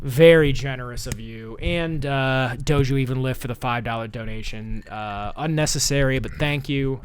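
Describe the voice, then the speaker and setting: A man's voice: medium pitch, normal speed. A young man hosting a live-streamed comedy show, rambling with lots of fillers and reading out chat messages. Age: young adult. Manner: rambling, filler-heavy, upbeat. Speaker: host.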